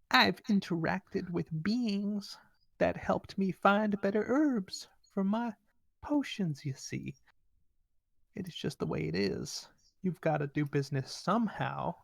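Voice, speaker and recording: A man voicing an elderly female gnome healer in a tabletop game, high and genteel. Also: gravelly, no echo, exaggerated voice. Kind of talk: tabletop role-play character voice.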